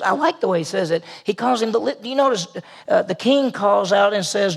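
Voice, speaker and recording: Gravelly preacher man telling a story. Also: sits high, a little fast. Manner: animated storytelling, sudden drops to a hush. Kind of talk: sermon.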